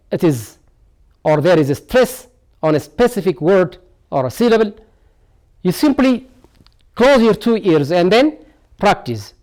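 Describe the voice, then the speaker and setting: A man teaches English in a high, animated voice. He speaks slowly and deliberately, repeating each word many times and asking rhetorical "what?" questions. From Ethiopia. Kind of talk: televised classroom lesson.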